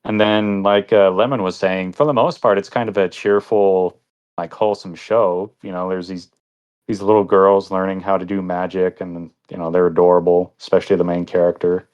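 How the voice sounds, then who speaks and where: A young man with a low voice talks through an anime review in loose, casual podcast chat. He rambles, leans on filler words and breaks into laughter often. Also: little pitch movement, moderate pace, darkish tone, highs cut off. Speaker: podcast co-host.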